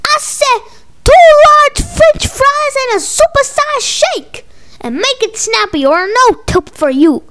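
Brief: a woman voicing a bossy comic-book baby, very high, squealing, slow and demanding. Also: very animated, fairly bright tone, full character voice. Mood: shouting.

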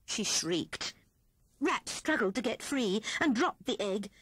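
A woman reading a children's story aloud in an expressive storytelling manner. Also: on the high side, moderate pace, a little hiss or hum. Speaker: audiobook reader. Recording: 1970s cassette audiobook, dry studio.

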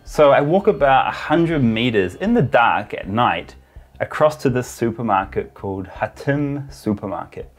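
A man's voice: medium pitch, expressive, normal speed. Chatty New man telling a story. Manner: chatty, uses filler words. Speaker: travel vlogger. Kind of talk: casual storytelling to camera.

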